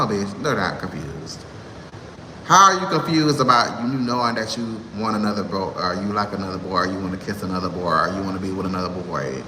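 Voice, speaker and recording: A man in his thirties, a vlogger with a fairly low, pushed, bright voice, delivers a sassy, exasperated rant to camera, laughing as he goes. The room is echoey with long reverb and faint noise.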